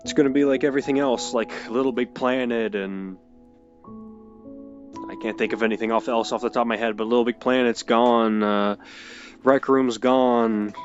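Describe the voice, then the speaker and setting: A young man telling an emotional personal story, halting and hesitant with many restarts. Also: mid-range voice, steady tone, lo-fi sound, soft background music. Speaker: video creator.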